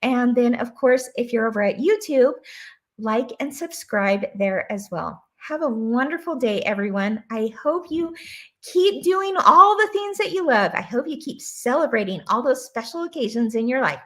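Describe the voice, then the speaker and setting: A woman's voice: a little high, lively intonation, normal speed, fairly bright tone. A woman hosting a live stream, reading viewer comments aloud in an enthusiastic, bubbly way and laughing often. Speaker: host.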